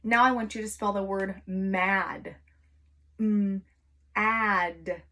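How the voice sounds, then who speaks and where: A woman teaching kindergartners online, her voice sitting at an ordinary middle pitch. She draws out each letter sound slowly and with exaggeration, and keeps an encouraging, sing-song lilt as she walks the children through the lesson. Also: fairly even intonation, bright, forceful tone.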